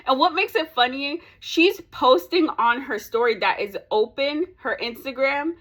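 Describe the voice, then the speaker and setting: A young woman vlogger telling a story in casual chat, animated and ranting, laughing between lines. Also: sits high, unhurried.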